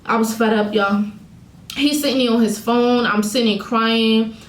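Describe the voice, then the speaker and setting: A woman's voice: a little high, steady tone, normal speed, reverberant, low-quality recording. A woman vlogger venting candidly to her viewers, telling a painful breakup story in her own words. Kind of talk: emotional storytime vlog.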